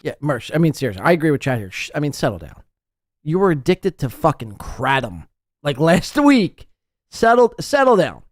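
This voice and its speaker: A man hosting a casual podcast, mocking the others and ranting, with animated impressions of them. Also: a little high, a little fast, no echo, clean studio sound. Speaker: podcast host. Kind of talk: casual commentary over a group call.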